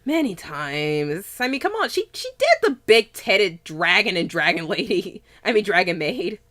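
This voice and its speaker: A woman chatting casually as a host, excitable, swearing freely and laughing often. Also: mid-range voice, normal speed. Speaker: podcast host. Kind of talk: casual chat.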